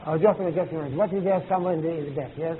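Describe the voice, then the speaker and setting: High-voiced guy teaching a class, halting, tinny lo-fi tape with hiss. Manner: halting, searching for words, rising emphatic questions. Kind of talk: classroom lecture with questions. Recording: tinny lo-fi old tape recording with faint hiss.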